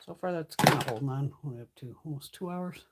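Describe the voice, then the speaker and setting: A woman's voice: low-pitched, fast talker, heavy background noise. A woman hosting a casual livestream chat, swearing freely and laughing through her stories. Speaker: livestream host.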